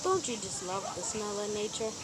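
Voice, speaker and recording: A woman's voice: mid-range voice, expressive, normal speed. A young woman casually chatting while filming a walk through a park on her phone, pointing things out as she goes. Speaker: vlogger filming a nature walk. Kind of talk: casual chat while walking. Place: outdoor park with a pond. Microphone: phone held while walking. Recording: loud outdoor noise on a phone recording.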